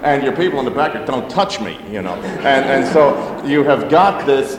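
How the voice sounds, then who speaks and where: A man's voice: medium pitch, expressive, normal speed, a crowd in the background. A man preaching a sermon to his congregation in a loose, conversational way, full of asides and fillers. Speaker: pastor. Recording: roomy sanctuary with long reverb.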